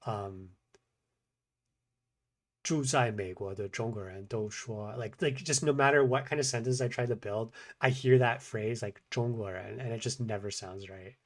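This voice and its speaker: A man talking through his own language practice in a casual, self-critical video diary. He mumbles, swings between fast talk and slow, paused phrases, and haltingly repeats short practice phrases. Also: on the low side, steady tone. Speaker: language learner vlogger.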